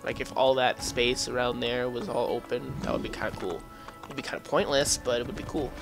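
Loud game music plays under this gameplay commentator's casual let's-play, where he rambles, chuckles and talks back at the game. His voice is medium-pitched and creaky, fairly quick, with fairly even intonation.

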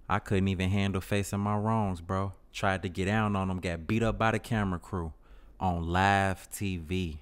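A man with a low, unhurried voice and a Chicago accent narrates a comedy skit, telling the story in slang with animated energy and jumping into different voices.

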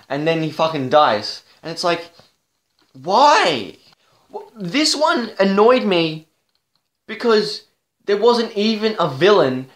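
A young man ranting through a profane, halting review of a TV show, with lots of restarts. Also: a little high, fairly bright tone. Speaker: vlogger. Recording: echoey room.

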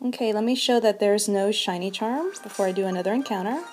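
A young woman streaming a video game, breathless and shaking with excitement, gushing and repeating her exclamations. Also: medium pitch, quick pace, soft background music. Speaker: shiny hunting streamer. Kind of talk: excited live game commentary.

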